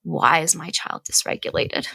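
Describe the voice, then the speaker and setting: A mother in her thirties co-hosts a podcast, earnestly explaining parenting advice in casual chat and often checking in with "right?". Her slightly low voice has a gravelly edge and a sharp tone, at normal speed. The recording is dry and close, with no echo.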